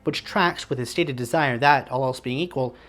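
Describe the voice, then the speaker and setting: A man's voice: medium pitch, moderate pace, a bit bright. A man hosting a classical music channel, reading a scripted educational narration with wry, conversational asides. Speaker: classical music video host.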